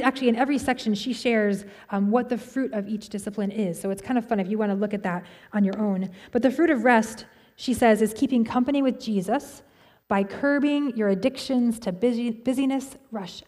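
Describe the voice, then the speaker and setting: A woman's voice: a little high, darkish tone. Woman preaching in an echoing hall. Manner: conversational, frequent fillers and restarts. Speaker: pastor. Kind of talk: sermon.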